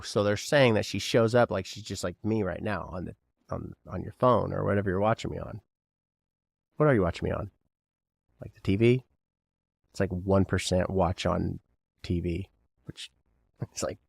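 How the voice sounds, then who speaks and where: Low-leaning and darkish in tone, with vocal fry, this podcast host from Kentucky chats alone in a casual show. He rambles, cracks jokes, and peppers the listener with questions.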